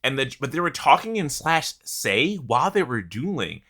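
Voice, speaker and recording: A man co-hosting a casual gaming podcast, telling an animated story with plenty of swearing and laughter. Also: mid-range voice, normal speed. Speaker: podcast co-host.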